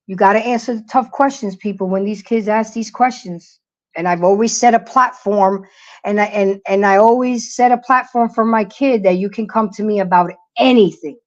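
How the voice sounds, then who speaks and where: Greeting the chat on her casual livestream, a middle-aged host preaches emphatically to viewers in a high voice at normal speed. Her audio comes across dull and lo-fi.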